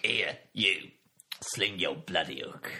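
A man's voice: deep voice, lively intonation, takes it slowly, pushed and bright, heavily acted. A man doing an improvised impression of God as a cheeky, offhand Cockney geezer with a Cockney accent. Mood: brusque. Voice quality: gruff, offhand, wheeler-dealer banter.

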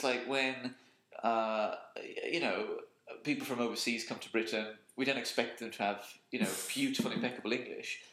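A man chats loosely on a home podcast, quick to laugh and to swear. His voice sits in the middle of the range. The apartment room around him is roomy and echoing. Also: mid-range voice, fairly bright tone. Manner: laughs often, swears, jokey. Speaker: podcast co-host. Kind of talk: casual chat. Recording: echoey room.

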